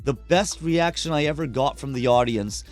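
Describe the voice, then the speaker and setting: A man's voice: medium pitch, moderate pace. A man talks casually as a podcast guest, swearing freely and acting out other people's lines as he tells his stories. Faint music plays underneath his voice. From Canada. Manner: candid, profane, animated storyteller who acts out quotes. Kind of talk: casual conversational storytelling.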